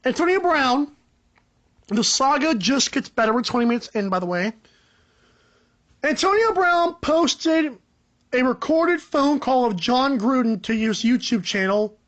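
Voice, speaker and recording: A young man hosting a solo sports podcast, ranting in a rambling, animated, joking way. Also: unhurried, lo-fi sound. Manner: animated, rambling, joking, pitch jumps up for emphasis. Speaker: podcast host.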